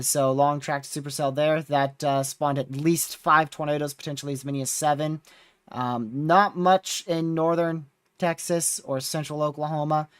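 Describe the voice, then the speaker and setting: A man's voice: mid-range voice, smooth, no room sound. A tired, yawning man hosting a weather livestream, casually rambling through a recap of past days. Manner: rambling, relaxed recap with fillers. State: exhausted, yawning. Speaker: storm chaser livestream host.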